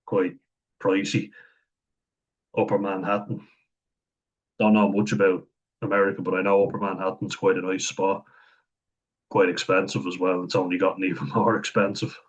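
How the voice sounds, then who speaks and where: A man's voice: sits low, flat delivery, normal speed, long pauses, lo-fi sound. A man giving a chatty, meandering spoken review of a TV series, retelling scenes as he goes. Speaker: show reviewer.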